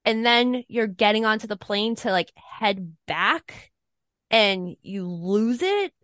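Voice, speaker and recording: A woman's voice: mid-range voice, lively intonation, takes it slowly, a bit bright, dry recording, clean studio sound. Rambling woman podcast co-host. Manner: rambling, stuttering. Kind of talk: casual podcast chat.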